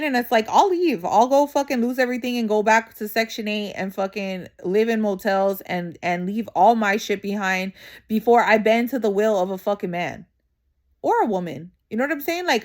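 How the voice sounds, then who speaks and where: A woman's voice: medium pitch, brisk. A young adult woman vlogging straight to camera in a casual venting monologue, blunt and profane, full of slang and constant "you know what I'm saying" asides.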